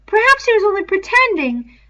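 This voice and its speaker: A woman voicing an anxious schoolboy who talks in a shrill, agitated way. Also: big pitch swings, brisk, pushed and bright, exaggerated voice.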